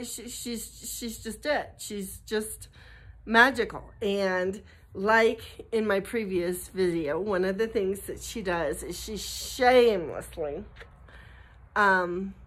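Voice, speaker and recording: A woman's voice: medium pitch, fairly bright tone. A middle-aged American woman talking casually to camera in a vlog, rambling with restarts and stopping for asides to her dog. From United States. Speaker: vlogger.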